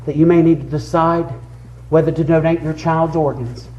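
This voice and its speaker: A man's voice: a little high, steady tone, moderate pace, darkish tone, highs cut off. A man preaching a fervent sermon, calling on listeners by name and rising into a chanted, sing-song delivery. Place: church sanctuary. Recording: echoey church room.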